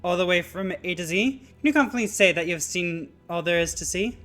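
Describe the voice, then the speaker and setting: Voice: medium pitch, fairly bright tone, soft background music, natural voice. Mister Bumble, a streamer doing a pompous hustling factory boss. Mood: boastful. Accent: exaggerated put-on Italian. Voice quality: brisk, boastful, impatient. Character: fast-talking pompous male factory owner. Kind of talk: reading game dialogue aloud.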